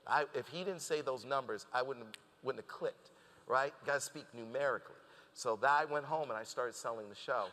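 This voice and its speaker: A man's voice: medium pitch, brisk, big-room sound. A man telling a story as a guest in a conversational interview, acting out the lines of the people he quotes. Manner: animated storyteller who acts out quoted dialogue.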